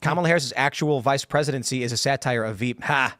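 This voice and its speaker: A man hosting a casual panel chat in a studio, telling animated, jokey stories. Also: medium pitch, dry recording. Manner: animated storyteller, quick and jokey. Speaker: show host. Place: podcast studio.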